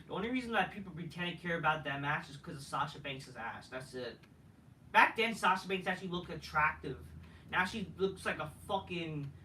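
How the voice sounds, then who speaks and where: Man, ranting wrestling reviewer, profane and dismissive, bright forceful voice, distant mic. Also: on the high side. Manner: dismissive, profane, halting restarts. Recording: roomy echo, distant mic, faint noise.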